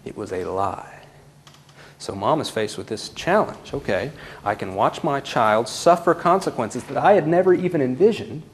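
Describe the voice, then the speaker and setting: A man's voice: a little high, moderate pace, slight background noise. Man telling a story with ups and downs. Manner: animated storyteller, shifts between loud and hushed. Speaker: parenting speaker and counselor. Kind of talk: live storytelling talk to an audience.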